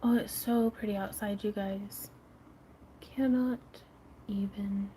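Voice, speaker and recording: A woman's voice: medium pitch, steady tone, slow, dark tone, slight background noise. A woman hosting a casual craft livestream, chatting with viewers and her pets while she works, laughing often.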